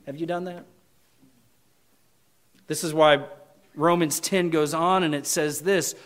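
A man with a fairly high voice, preaching a sermon from the pulpit. He drives his points home with loud emphasis, then drops to a quiet, earnest appeal. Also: fairly even intonation, takes it slowly, pauses often. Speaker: pastor.

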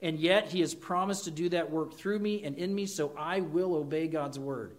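A man delivering a sermon, his voice sitting fairly high for a man. He preaches earnestly, throwing questions at his listeners and slipping into short acted quotes. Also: normal speed. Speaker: pastor.

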